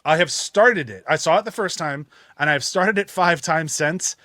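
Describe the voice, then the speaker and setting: A man's voice: fairly high pitch, animated, moderate pace, pushed and bright, no echo, studio quality. A man co-hosting a casual movie podcast, laughing often and swearing casually as he recalls scenes. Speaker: podcast co-host.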